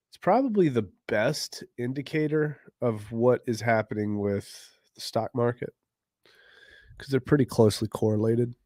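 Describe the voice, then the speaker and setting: A man hosting a casual crypto livestream, greeting viewers by name in loose slang and often clearing his throat. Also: medium pitch, a little mellow, no room sound, clean studio sound. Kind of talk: casual livestream chat, reading viewer comments.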